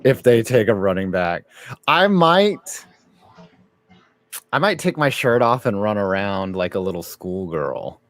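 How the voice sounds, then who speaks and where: A man's voice: fairly low pitch, animated, measured pace. A man hosting a casual live reaction stream, joking around and reading viewer messages aloud. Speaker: livestream host.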